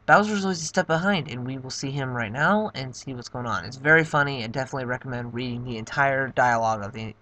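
A young man gives chatty, rambling commentary as he plays through a game. His voice is bright and sits at a middle pitch. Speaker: let's play narrator.

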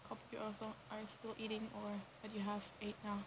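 A woman's voice: mid-range voice, completely flat delivery, brisk, background noise. Hesitant young woman, casual chat. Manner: rambling, hesitant with many ums and restarts. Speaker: livestream co-host.

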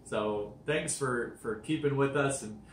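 A man's voice: medium pitch, measured pace, roomy sound, slight background noise. Playful young man vlogging. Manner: playful, laughs easily. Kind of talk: casual chat.

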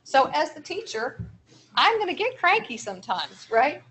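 A woman with a fairly high voice presents a seminar on guiding young children's behavior. She explains each strategy patiently, giving examples for practice. A faint room hum sits underneath. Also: big pitch swings, normal speed, a bit bright. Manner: explanatory, encouraging, talks through examples. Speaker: early childhood trainer.

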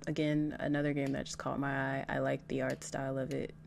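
A woman's voice: rumbling low, completely flat delivery, fairly quick, creaky, noisy background. A young woman casually talking through a game as its host, chatty and reactive. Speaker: gaming channel host. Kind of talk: casual gameplay commentary.

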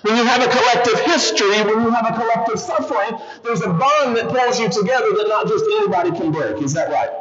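A man preaching a sermon as guest pastor in a church, constantly putting questions to the congregation. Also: high voice. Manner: animated, keeps questioning the congregation. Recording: slightly dull church recording with audible congregation.

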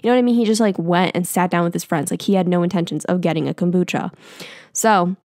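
A woman's voice: fairly low pitch, fast, a little mellow, no room sound, studio quality. Chatty young woman telling a story. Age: 20s. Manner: chatty, rambling, quotes people in a raised voice. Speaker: podcast host. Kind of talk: casual storytelling.

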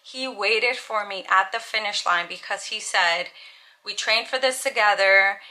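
A woman's voice: medium pitch, measured pace, sharp tone. A young woman vlogger talking casually and earnestly to camera, peppering her speech with "like". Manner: chatty, earnest, lots of "like". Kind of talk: casual vlog monologue.

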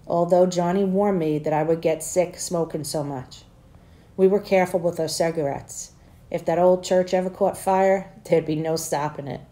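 A teacher reading a novel aloud to her students, with plain narration and livelier, louder dialogue. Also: on the low side, fairly even intonation, moderate pace.

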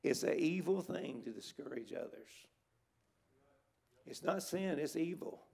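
A man's voice: a little high, expressive, unhurried, vocal fry, darkish tone, husky. A middle-aged man preaching an emphatic revival sermon in a church. He exhorts the congregation and drives his points home by repeating words. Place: church sanctuary at a conference.

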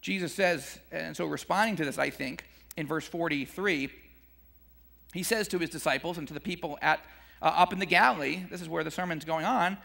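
The sound is that of a big room, where a gravelly-voiced Christian man preaches briskly and conversationally on scripture. He's animated, laughing softly between points, and his pitch jumps whenever he plays out the disciples' grumbling.

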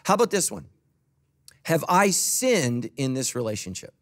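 Lively joking male pastor. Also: mid-range voice, normal speed. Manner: conversational, joking, acts out quoted voices. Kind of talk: sermon. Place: church auditorium.

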